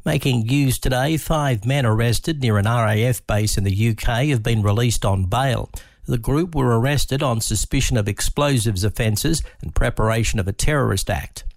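A man reading radio news headlines in a measured, formal delivery. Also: mid-range voice, vocal fry, dry recording, clean studio sound. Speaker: radio newsreader.

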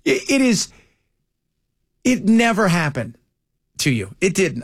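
A man's voice: high-pitched, very animated, slow pace, breathy edge, no room sound, clean studio sound. A man hosting a talk radio show, bantering and mocking people in put-on voices. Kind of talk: casual banter.

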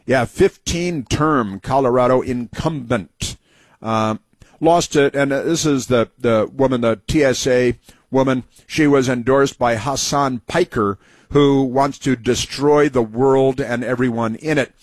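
A man's voice: mid-range voice, unhurried, no room sound. A man hosting a talk show in a rambling, folksy monologue full of restarts. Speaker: radio talk host. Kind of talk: casual monologue.

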